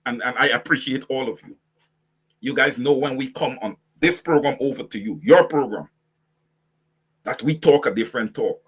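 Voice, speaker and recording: A man's voice: medium pitch, normal speed, slightly rough. A man with a Guyanese accent hosting impassioned political commentary, preaching fiery direct address to his audience. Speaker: host.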